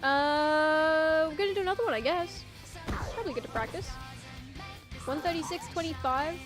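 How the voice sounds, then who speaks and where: A woman's voice: very high-pitched, lively intonation, fairly quick, over music. A woman game streamer chatting casually on a live stream at home, rambling through opinions and reading chat aloud. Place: home room.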